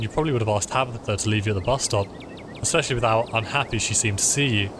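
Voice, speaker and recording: Guy reading a story game out loud, mid-pitched voice, plain delivery then quick jokey asides, some noise in the background. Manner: reads narration in an even voice, then drops into loose, joking asides. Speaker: let's-play host. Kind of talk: reading game text aloud with casual asides.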